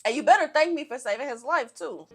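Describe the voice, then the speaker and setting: A woman's voice: high voice, lively intonation, quick pace, faint music behind. A young woman giving casual reaction commentary to a movie, talking back at the screen with teasing jokes and exclamations.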